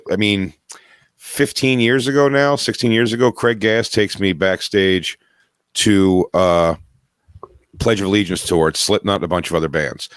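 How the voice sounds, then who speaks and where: A man's voice: sits low, clean tone, dry recording, studio quality. A man hosting a podcast, chatting casually and wryly, telling a rambling story. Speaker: podcast host. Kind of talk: casual chat.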